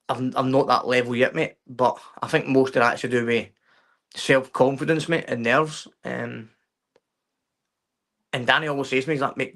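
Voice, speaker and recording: Halting male guest saying "mate" constantly. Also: medium pitch, fairly bright tone. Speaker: podcast guest. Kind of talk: casual chat. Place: remote podcast stream.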